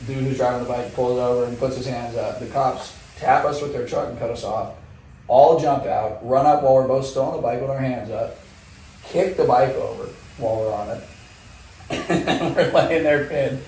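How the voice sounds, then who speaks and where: A man telling a wild story in casual talk, animated and swearing, laughing often. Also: medium pitch, very echoey, far from the mic, a little hiss or hum, poor audio. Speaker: guest motorcycle rider.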